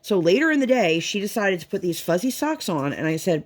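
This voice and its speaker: A woman's voice: medium pitch, very animated, a little fast, few pauses. A woman vlogger and mother chatting casually while she works on a craft, rambling and leaning on "like" a lot. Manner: rambling, chatty, heavy use of "like".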